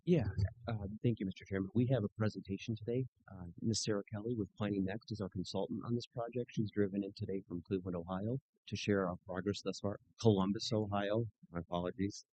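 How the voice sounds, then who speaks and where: A man with a very deep voice introduces a guest speaker to a committee. He is polite and formal and corrects himself now and then. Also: fairly even intonation, fast, dark tone, muffled recording. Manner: polite, self-correcting, with fillers. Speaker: county staff member. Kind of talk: introducing a presenter at a meeting.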